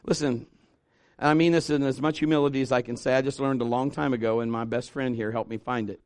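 A male pastor in his fifties preaching to his church, swinging from loud exhortation to quiet, intimate asides with humor. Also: mid-range voice, steady tone, fast, smooth, no room sound, clean studio sound. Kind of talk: sermon. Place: church sanctuary.

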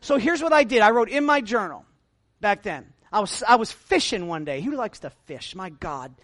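Male pastor, middle-aged, lively sermon delivery with soft asides and loud peaks, self-deprecating, dry close sound. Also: sits high, moderate pace, no room sound. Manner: animated preaching with big swings between quiet asides and loud emphatic lines; self-deprecating humor, chatty asides to the congregation.

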